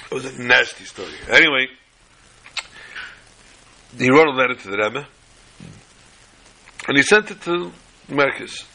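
A man with a gravelly, rough-edged voice tells stories in a casual, folksy way. His tone is bright and forceful, and he drops Yiddish and Hebrew phrases as he acts out each character's lines. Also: medium pitch, expressive, rough recording. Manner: acts out dialogue with quick quoted voices. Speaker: storyteller. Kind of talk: casual storytelling talk.

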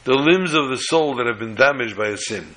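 A man teaching a sermon on the weekly Torah portion in a measured, halting way, often restarting phrases. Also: medium pitch, lively intonation, sharp tone, rough recording.

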